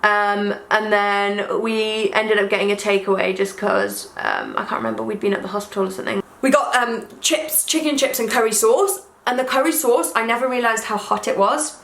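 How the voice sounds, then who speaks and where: A woman's voice: mid-range voice, lively intonation, moderate pace, vocal fry, hardly any pauses, fairly bright tone. A young woman chatting casually to camera while doing her makeup, rambling and self-deprecating. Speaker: beauty vlogger. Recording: echoey room.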